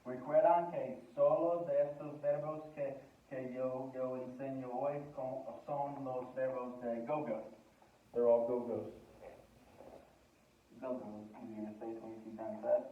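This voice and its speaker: A man's voice: mid-range voice, little pitch movement, a little slow, narrow, tinny audio, a little hiss or hum. Guy teaching spanish class, jokey, mixes english and spanish, echoey room, sounds far off. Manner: chatty, jokey, switching between English and Spanish. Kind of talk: recorded classroom lesson.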